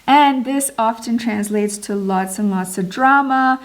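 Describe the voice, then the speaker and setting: A woman, a mother, telling a personal story in an earnest, expressive vlog, stretching words for emphasis. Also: on the high side, a little slow. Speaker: mom vlogger.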